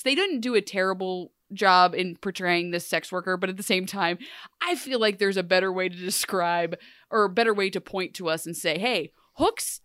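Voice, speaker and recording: A young woman chats through a TV episode in an animated, joking way, throwing in quick silly voices for each character. Her voice sits in a middle range and the sound is close and dry, with no room around it. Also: medium pitch, dry recording. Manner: animated, acts out characters' lines in jokey voices. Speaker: podcast co-host. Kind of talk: casual chat recapping a TV episode.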